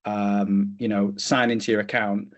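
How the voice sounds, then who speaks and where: A man's voice: on the low side, little pitch movement, a little slow. A man co-hosting a tech podcast, explaining things in a casual way with lots of fillers and restarts. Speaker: podcast co-host.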